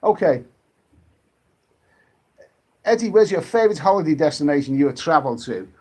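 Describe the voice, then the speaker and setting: A man's voice: a little high, lively intonation, darkish tone, husky. Rambling British man on a live stream. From United Kingdom. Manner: rambling, halting, many restarts and fillers. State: drinking. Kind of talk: casual live stream chat, reading viewer comments.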